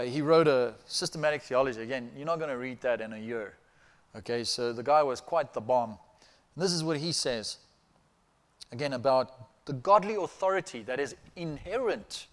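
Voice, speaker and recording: A male pastor preaching a sermon in a slightly high voice. He talks in an easy, conversational way, often checks in with his listeners, and repeats key words for emphasis.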